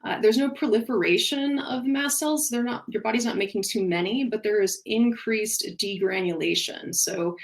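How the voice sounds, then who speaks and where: A woman's voice: medium pitch, normal speed, creaky, few pauses, poor audio. A woman who works as a functional nutrition practitioner, speaking earnestly and personally as she explains things in a recorded webinar.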